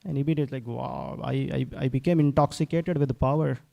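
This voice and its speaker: A man's voice: mid-range voice, fast talker, creaky, dull audio. A man giving a devotional sermon, telling scripture stories and acting out the quotes earnestly. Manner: earnest, repeats words, acts out quotes. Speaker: speaker at a temple class.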